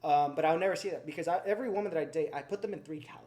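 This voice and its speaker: Blunt, profane young podcast host. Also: male voice, fairly high pitch, racing, a little mellow. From Mexican heritage, US. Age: 20s. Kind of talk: casual podcast chat.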